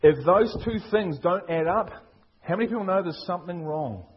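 Emphatic Liverpool pastor, husky and a bit high, on a dull church recording. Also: male voice, moderate pace. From England. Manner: emphatic, rhetorical questions, repetitive preaching. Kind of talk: sermon.

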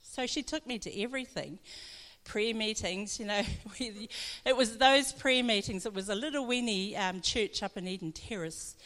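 In a church hall, a woman pastor gives a chatty personal testimony, often laughing as she tells her story. Her voice is medium-pitched, a bit bright and at normal speed, and a long hall reverb colors the recording.

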